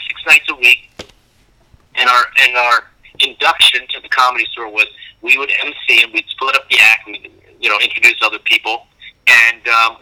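A man's voice: medium pitch, low-quality recording. A man, a comedian guest, telling stories casually and acting out old exchanges in a raised voice. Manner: animated, acts out dialogue in a raised voice. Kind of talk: casual interview storytelling.

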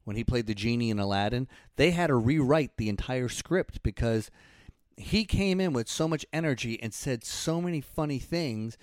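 A man hosting a casual chat, telling stories in a relaxed, loose way. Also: mid-range voice, moderate pace, no echo. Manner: relaxed storytelling, loose and chatty. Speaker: podcast host.

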